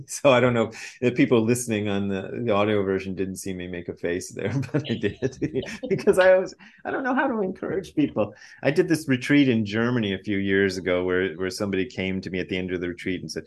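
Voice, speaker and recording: A man in his fifties with a very low voice speaks as a podcast guest. He talks casually, stumbling over and repeating words, and chuckles often. His talk comes across as relaxed and self-deprecating. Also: fast, hardly any pauses. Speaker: guest, Zen priest and author.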